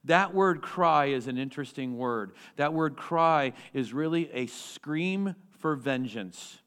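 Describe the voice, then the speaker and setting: A male pastor delivering a sermon in an animated way, using rhetorical questions and repeating key phrases for emphasis. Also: on the high side, takes it slowly, clear, resonant tone.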